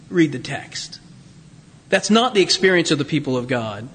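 A man preaching a sermon in a conversational, animated way, with restarts and rhetorical questions. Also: high voice. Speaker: pastor. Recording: long reverb of a large hall.

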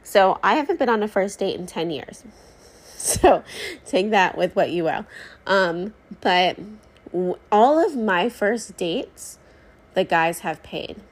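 A woman in her thirties talks in a loose, conversational way, full of fillers and asides. She is pregnant and hosting her own show, telling stories to her listeners at an easy, middle pitch. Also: expressive, slow pace. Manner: chatty, rambling, many fillers and asides. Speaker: podcast host. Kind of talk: casual storytelling chat.

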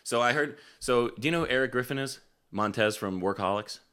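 A man's voice: medium pitch, fairly quick, smooth. A man hosting a casual podcast, telling blunt, profanity-laced stories about playing bar gigs as a musician. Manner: profane, blunt, animated storyteller. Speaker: podcast host and gigging musician. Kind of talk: casual podcast chat and storytelling.

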